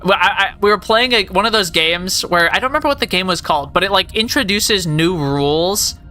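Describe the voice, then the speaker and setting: A woman in her late twenties rambles through silly stories on a live game stream, sprinkling "like" everywhere and playing up the jokes. Her voice is bright and sharp. Faint music plays under her. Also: mid-range voice, lively intonation, fairly quick. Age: late 20s. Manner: rambling, jokey, heavy use of "like". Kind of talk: casual live-stream chat.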